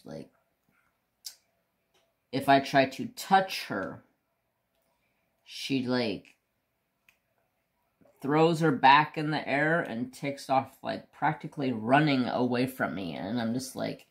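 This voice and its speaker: An unhurried man rambling to his viewers while he works on a craft. He drifts from one thought to the next and swears casually as he goes. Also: medium pitch, lively intonation, vocal fry. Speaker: craft vlogger.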